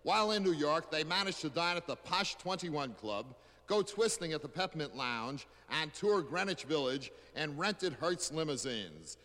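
A man narrating as a radio reporter in a formal, brisk announcer style. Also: a little high, expressive, pushed and bright, in a large hall. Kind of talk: vintage radio news narration.

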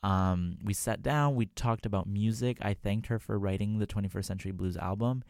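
A man's voice: fairly low pitch, moderate pace, vocal fry, no echo. A young man hosting a radio music show, telling a story in a casual, chatty way with lots of "like" and "um", from a studio mic. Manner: chatty, full of "like" and "um", excitable.

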